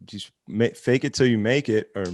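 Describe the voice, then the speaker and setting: A man's voice: mid-range voice, normal speed, a little mellow, no echo. A man hosting a casual podcast, with a mid-range voice recorded close and dry. He tells club stories bluntly and swears freely as he goes. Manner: blunt, profane storytelling.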